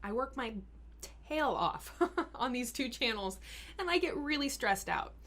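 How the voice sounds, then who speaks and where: Earnest woman health coach. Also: on the high side. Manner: earnest and encouraging, explains step by step; sometimes drops to a slow, soft voice to model calm speaking. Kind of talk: live Q&A advice talk.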